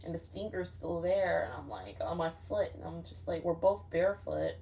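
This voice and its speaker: Recounting a dream for her vlog, a young woman speaks at a moderate pace in a dark, low-side voice with big pitch swings. She's casual and rambling, swearing frequently and using "like" constantly.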